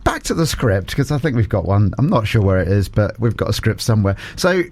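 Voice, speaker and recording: A man hosting a podcast interview, playful and quick to laugh. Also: fairly low pitch, very animated, a little mellow, dry recording. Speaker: podcast host. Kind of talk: casual interview.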